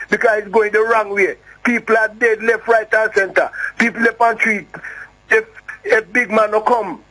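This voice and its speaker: A man's voice: high-pitched, fairly even intonation, normal speed, sharp tone, low-quality recording. A man with a Jamaican accent calling a radio show, talking in a rambling, heated way and repeating himself. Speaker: caller. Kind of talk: phone-in call.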